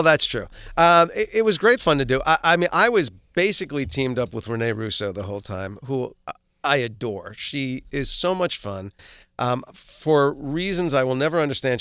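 A middle-aged man and actor, a guest, telling animated, self-deprecating show-business stories in a casual interview. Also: mid-range voice, clean tone, no echo, clean studio sound.

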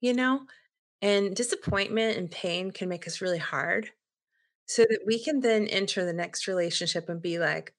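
A woman's voice: medium pitch, normal speed. A woman talking earnestly as a guest on a faith-based dating podcast, reflective and full of casual fillers.

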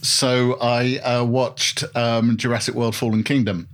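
A man hosting an interview over lunch, with a mid-range voice. He talks in a relaxed way, jokes and teases his guest, and drops in quick asides. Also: mid-range voice. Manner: jovial, teasing, quick asides. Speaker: podcast host, interviewer. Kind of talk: casual interview chat.

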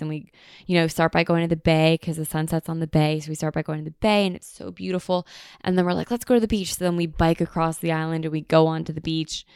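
A young American woman hosts a casual podcast and gushes through her stories in a chatty way. Her voice sits low for a woman and carries a gravelly fry, yet it stays smooth and resonant, and the recording is close and dry. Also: a little mellow, no room sound. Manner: gushing and chatty, filled with "like". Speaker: podcast host. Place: home in a beach town at sunset.

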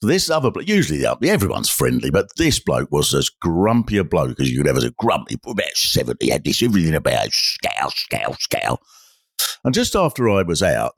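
A male podcast host telling a comic story in a wry, animated way, acting out the dialogue. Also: a bass voice, husky, no echo, clean studio sound.

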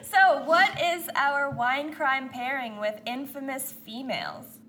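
A young woman co-hosting a podcast in casual chat, giggly and animated. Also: high-pitched, slow, a little hiss or hum. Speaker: podcast co-host.

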